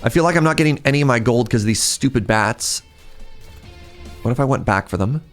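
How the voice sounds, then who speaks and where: A man giving casual, excitable commentary while streaming a video game and chatting with his viewers. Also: mid-range voice, brisk, faint music behind. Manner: excitable, chatty, talks to chat.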